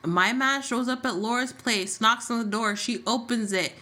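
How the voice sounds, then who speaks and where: A woman co-hosting a podcast, recapping a soap opera in casual chat with sassy, animated retelling. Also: on the high side, normal speed. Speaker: podcast co-host.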